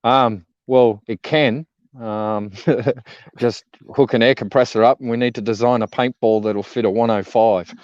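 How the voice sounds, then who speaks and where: A man's voice: medium pitch, fairly even intonation, unhurried, smooth, dry recording, muffled recording. A man with an Australian accent chatting casually as a guest on a live stream, laid-back and laughing often. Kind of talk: casual chat.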